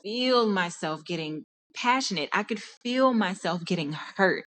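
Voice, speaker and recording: A woman's voice: medium pitch, expressive, unhurried, a bit bright. Passionate Texan woman speaking candidly. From Dallas, Texas. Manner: candid and passionate, restarts often. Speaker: podcast host. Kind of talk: personal monologue.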